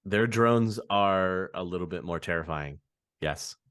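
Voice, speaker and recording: A man co-hosting a casual podcast, explaining game lore in an animated way. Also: low voice, unhurried, clean tone, no echo, studio quality.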